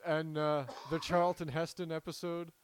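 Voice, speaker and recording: A man's voice: on the high side, flat delivery, moderate pace, smooth. A young man co-hosting a podcast, chatting casually with lots of fillers and trailing sentences. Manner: rambling, filler-heavy, trails off. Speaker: podcast co-host. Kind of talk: casual chat.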